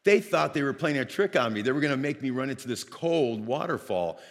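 A man from Northeast Ohio preaching a sermon, telling a lively personal story and acting out the dialogue. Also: mid-range voice, fairly quick, in a large hall. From Northeast Ohio, United States.

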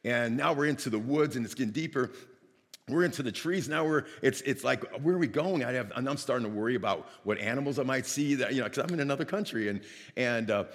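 A man from Northeast Ohio preaching a sermon, telling a lively personal story and acting out the dialogue. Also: mid-range voice, fast talker, long reverb tail. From Northeast Ohio, United States.

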